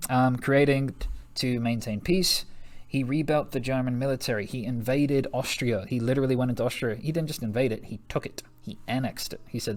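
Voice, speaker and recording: A man's voice: medium pitch, brisk, darkish tone. A young American man teaching a history lesson in a chatty, joking way, laughing often and dropping slang asides. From United States. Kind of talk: recorded classroom lesson.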